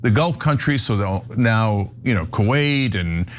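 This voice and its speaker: A man's voice: on the low side, lively intonation, measured pace, slight background noise. A man in a played clip, giving rambling political commentary and listing things out.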